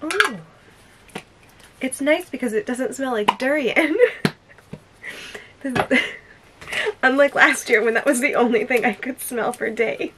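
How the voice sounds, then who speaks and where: A woman chatting excitedly in a casual unboxing vlog, gushing over each gift at home. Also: high-pitched, measured pace, pauses often. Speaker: vlogger opening a gift. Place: dim room at home. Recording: noisy home recording.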